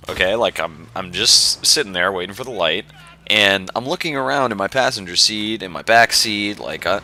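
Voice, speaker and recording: A young man hosting a podcast, telling a rambling, exasperated story in a casual way. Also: sits low. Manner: rambling, exasperated, animated retelling. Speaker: podcast host.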